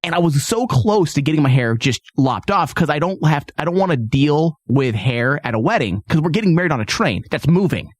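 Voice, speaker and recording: A young man hosting a podcast, telling a comic story and acting out other people's lines with sudden high outbursts. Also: a little fast, hardly any pauses, no echo, clean studio sound. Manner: animated storyteller, acts out quotes with sudden high-pitched outbursts. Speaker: podcast host. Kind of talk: casual comedic chat.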